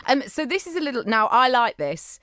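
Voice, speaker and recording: A woman's voice: on the high side, sing-song, a little fast, dry recording, clean studio sound. A woman from England co-hosting a podcast, chatting casually and teasing while she goes through listener mail. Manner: chatty, warm-hearted teasing. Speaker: podcast co-host.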